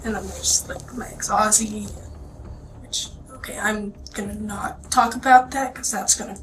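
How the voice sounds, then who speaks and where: A tired young woman answering questions in a police interview, soft and hesitant, often trailing into near-whispers. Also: medium pitch, fairly even intonation, unhurried. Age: young adult. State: exhausted. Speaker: suspect being questioned. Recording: distant, noisy interview-room recording.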